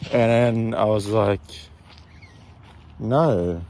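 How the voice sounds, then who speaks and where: A man's voice: fairly low pitch, fairly even intonation, normal speed, darkish tone. A young man telling a rambling storytime vlog from a park, full of fillers and restarts, filmed on a phone with faint outdoor noise.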